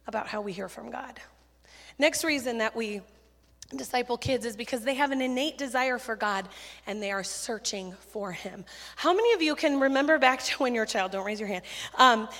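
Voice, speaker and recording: A woman giving a sermon full of stories, talking in a chatty, animated, self-deprecating way with quick asides on a handheld mic in a church. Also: a little high. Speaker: children's ministry speaker. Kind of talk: sermon with storytelling. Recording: church hall reverb.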